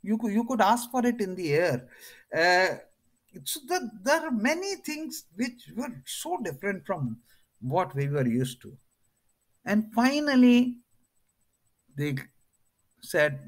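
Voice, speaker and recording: A man's voice: sits high, slow, long pauses. An older man with an Indian accent, a retired air force officer telling stories as an interview guest. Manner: animated, acts out others' lines in his stories. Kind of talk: anecdotal interview storytelling.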